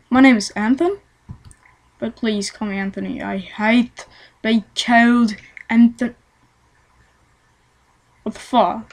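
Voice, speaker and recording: Slow rambling woman gamer. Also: fairly high pitch, a little mellow, rough recording. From Sweden. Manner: rambling, self-mocking, swears at the game. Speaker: let's play gamer. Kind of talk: casual gameplay commentary.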